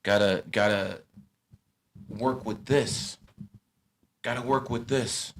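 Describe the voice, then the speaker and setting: A man in his thirties hosting a casual chat, blunt and profane, swinging from loud rants to low asides. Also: slow pace, slight background noise. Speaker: podcast host.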